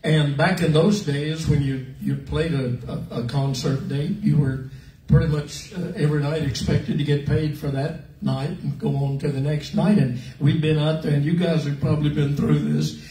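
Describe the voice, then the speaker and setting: Older man, folksy storyteller, somewhat high voice, echoey room, off-mic. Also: moderate pace, distant mic. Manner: folksy, relaxed, drawling anecdotes. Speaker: country singer on an artist panel. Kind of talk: storytelling to a fan audience.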